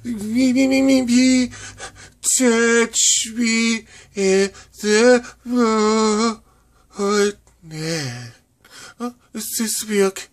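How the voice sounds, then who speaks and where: A man's voice: high voice, measured pace, few pauses. A man voicing an eager female doll singer who warbles song snatches, in a toy doll drama.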